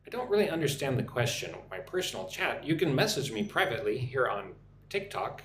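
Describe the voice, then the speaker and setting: A young American man teaching English on a live stream, chatting with viewers and repeating phrases slowly for practice. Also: mid-range voice, sing-song, a bit bright. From United States. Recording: echoey room with faint noise.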